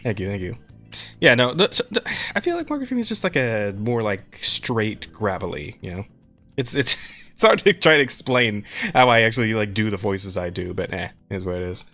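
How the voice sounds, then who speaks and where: A man's voice: lowish voice, very animated, a little fast, pushed and bright, soft background music. A man hosting a casual podcast, reading listener questions, laughing often and swearing freely. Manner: laughs a lot, profane, reads listener questions. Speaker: podcast host.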